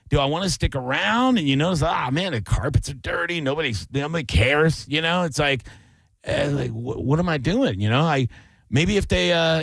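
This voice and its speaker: A man hosting a radio talk show, ranting casually and jumping into loud, high yells. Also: no room sound. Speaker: radio host. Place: radio studio.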